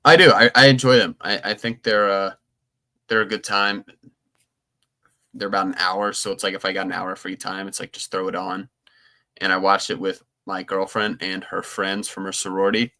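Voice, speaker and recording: A man's voice: sits low, flat delivery, normal speed, bright, forceful tone. A young man co-hosting a podcast, chatting casually and rambling with frequent restarts. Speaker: podcast co-host. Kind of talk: casual chat.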